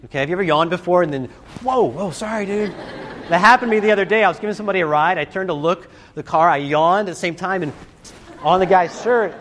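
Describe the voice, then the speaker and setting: A man giving a storytelling talk to a student audience, animated and acting out scenes and voices. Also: high voice, fast talker, slight background noise. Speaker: speaker addressing students. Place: live talk to a group.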